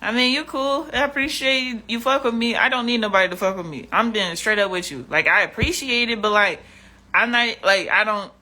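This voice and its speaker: A woman's voice: fairly high pitch, brisk, pushed and bright. Blunt, exasperated woman vlogger. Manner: blunt and profane, exasperated, repeats herself. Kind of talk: casual livestream rant.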